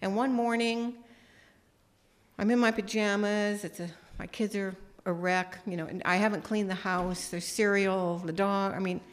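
A woman's voice: medium pitch, steady tone, normal speed. Woman telling a story in a sermon. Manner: conversational storytelling, acts out dialogue. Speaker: speaker.

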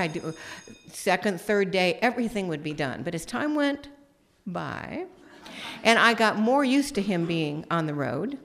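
A middle-aged woman preaching in a relaxed, conversational way. She tells a personal story and acts out the dialogue as she goes. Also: medium pitch. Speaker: speaker.

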